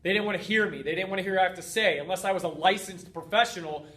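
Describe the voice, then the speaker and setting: A man's voice: high-pitched, racing, bright, forceful tone. A man hosting a heartfelt motivational talk as a fitness coach, earnest and emphatic, stacking up repeated phrases.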